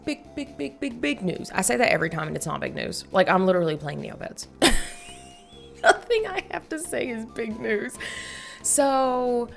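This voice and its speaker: A young woman chatting through her daily game routine in a loose, blunt, sweary vlog style, breaking into frequent laughs. Her voice has a strong gravelly fry, and there is faint music playing behind her. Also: fairly high pitch, animated, measured pace. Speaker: gaming YouTuber. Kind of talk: casual vlog chat.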